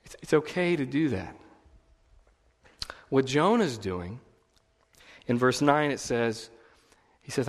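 A man's voice: medium pitch, big pitch swings, takes it slowly, long pauses, in a large hall. A man preaching a sermon as pastor, conversational, swelling into emphatic repeated phrases. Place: church.

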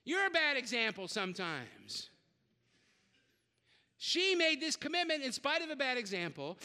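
High-voiced, bright male preacher in a reverberant hall. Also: unhurried, pauses often. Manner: animated, exhorting the crowd with repeated shouted lines and joking asides. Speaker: guest preacher. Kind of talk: sermon. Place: large church sanctuary. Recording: long reverb in a large hall.

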